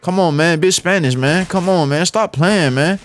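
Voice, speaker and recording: A young man giving excitable, slangy live commentary over gameplay, repeating phrases and muttering rap lines. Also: on the high side, moderate pace, a little hiss or hum. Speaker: gaming YouTuber.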